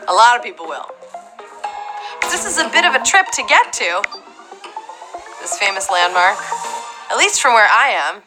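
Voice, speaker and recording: A young woman hosting a live trivia game show, playful and chatty with quick asides. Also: mid-range voice, big pitch swings, over music, poor audio.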